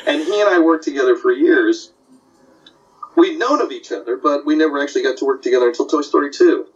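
Male guest, lively storyteller, sits back from the mic on dull lo-fi audio. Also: fairly high pitch, quick pace, recorded from a distance. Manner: animated storyteller, slips into character voices. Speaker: animation story artist, guest. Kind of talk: casual anecdotal chat.

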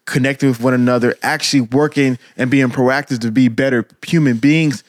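An earnest man co-hosting a podcast, encouraging listeners in a preachy, heartfelt way. His voice sits at a middle pitch. The sound is dry and close to the mic. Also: fairly even intonation, fairly quick, dry recording. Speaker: podcast co-host. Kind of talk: casual podcast talk.

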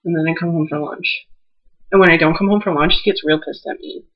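A woman's voice: on the low side, steady tone, fast, muffled recording. A young woman in casual chat, anxious and wry, making fun of her own worries. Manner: anxious, wry, self-deprecating.

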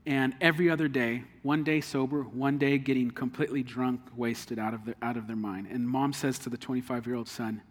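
A man's voice: medium pitch, fairly even intonation, fairly quick, hardly any pauses, in a large hall. A man preaching a sermon in an earnest, conversational way, drawing on everyday illustrations. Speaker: pastor.

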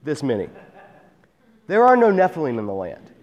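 A man's voice: fairly high pitch, huge pitch swings, moderate pace, highs cut off. A man giving a conversational Bible teaching, reading verses and adding wry asides. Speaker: pastor. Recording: long reverb of a large room.

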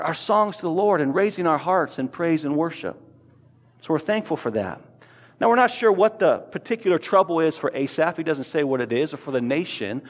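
A male pastor delivers a sermon in an earnest way, doubling back on words as he presses each point. His voice sits a little high for a man. The sound carries the long echo of a church hall. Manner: earnest, repeats words while building a point. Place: church sanctuary.

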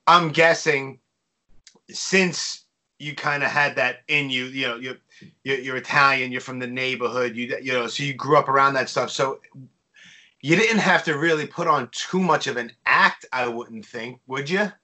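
A male podcast host asking casual questions, often restarting himself and answering with quick acknowledgments. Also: mid-range voice, pushed and bright. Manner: hesitant, restarts questions, frequent short acknowledgments. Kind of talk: casual interview.

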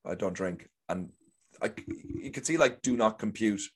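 Chatty low-voiced Irish man. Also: animated, moderate pace, breathy edge. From Ireland. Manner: chatty, rambling storyteller who acts out quotes. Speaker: guest actor. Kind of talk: casual chat.

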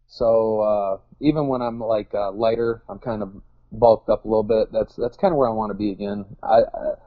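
A man's voice: lowish voice, expressive, normal speed, dry recording, narrow, tinny audio. A man chatting casually as an interview guest, rambling and joking at his own expense. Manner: rambling, self-deprecating, joking.

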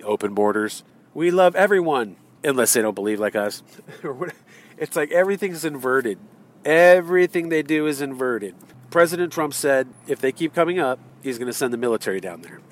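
A man's voice: on the high side, fairly bright tone. A man in his car in traffic, ranting in a heated, rambling way with many fillers and restarts. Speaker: vlogger. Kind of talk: ranting political monologue.

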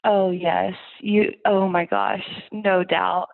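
A woman's voice: fairly low pitch, level tone, slow pace, vocal fry, dry recording. Chatty woman on a tinny line. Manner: chatty, laughs often. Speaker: interview guest. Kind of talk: casual storytelling. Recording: phone-like dry sound.

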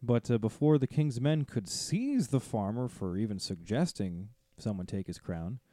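A man's voice: lowish voice, normal speed, no echo. A man co-hosting a book podcast, casually summarizing plot for his co-hosts. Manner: relaxed, summarizing plot with light laughs. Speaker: podcast co-host. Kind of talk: casual discussion summarizing a story.

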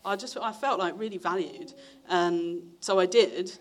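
A young man, telling his testimony in a sermon in a chatty way, acting out the voices of people he quotes. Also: unhurried. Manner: chatty storytelling, acts out quoted voices with big pitch jumps. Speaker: preacher.

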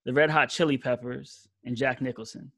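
A man of middle pitch hosting a casual podcast, recorded close and dry. He sets up a recurring game for his guests in an upbeat, easygoing way. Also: fairly even intonation, normal speed, a bit bright, no room sound. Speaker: podcast host.

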